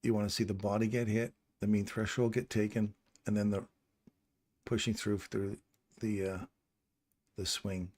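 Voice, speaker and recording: A fairly low-voiced middle-aged man from England gives relaxed, loose commentary while trading live. He thinks aloud as he walks through the chart and chats and jokes with his viewers between setups. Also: normal speed, long pauses. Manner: chatty and joking with viewers. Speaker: livestream trader and channel host.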